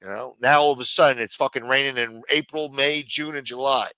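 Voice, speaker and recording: New guy rambling on his livestream, cussing a lot, bright pushy voice. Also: mid-range voice, fairly even intonation, a little fast, clear, resonant tone, dry recording. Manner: rambling, profane, says "man" a lot. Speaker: livestream host. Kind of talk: casual livestream chat.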